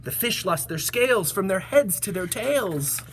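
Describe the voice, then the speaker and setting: A man reading a picture book aloud in a sing-song storyteller voice, dropping low for the punchlines. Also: lively intonation, unhurried, a bit bright, slight background noise. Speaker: storybook reader.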